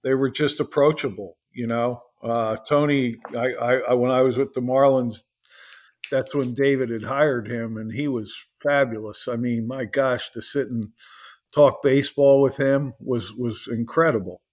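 A man co-hosting a podcast, agreeing and reminiscing in a casual, halting way. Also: mid-range voice, steady tone. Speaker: podcast co-host. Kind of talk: casual chat.

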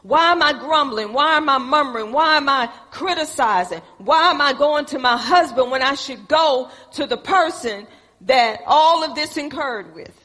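A woman's voice: high voice, lively intonation, normal speed, bright, forceful tone. A woman preaching a sermon, folksy and calling on the congregation for responses. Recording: echoey hall with long reverb.

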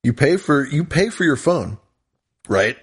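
A man's voice: mid-range voice, sing-song, a little slow, husky. Goofy rambling male podcast host. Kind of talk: casual chat.

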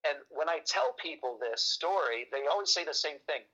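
A man, a magician, telling a story in a casual chat, animated and joking, in a dull lo-fi recording. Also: a little high, moderate pace, slightly rough.

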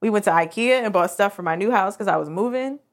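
A woman's voice: medium pitch, fast. A woman co-hosting a podcast, telling a personal story candidly and with emotion, full of "like" fillers. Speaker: podcast co-host.

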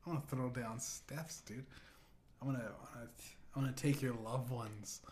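A man's voice: medium pitch, fairly even intonation, normal speed, darkish tone, a little hiss or hum. A man hosting his own podcast, rambling through a comedic monologue with frequent swearing, restarts and fillers. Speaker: podcast host.

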